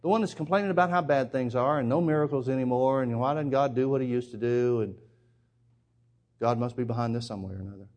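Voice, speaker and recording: A man preaching a sermon, emphatic, firing rhetorical questions and swinging between loud and hushed. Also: medium pitch, fairly even intonation, fast talker.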